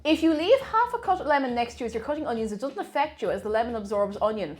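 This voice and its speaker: Lively woman chatting while cooking. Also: on the high side, fast, soft background music. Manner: chatty, greets viewers, laughs at herself. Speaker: streamer. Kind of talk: casual chat while cooking on a livestream.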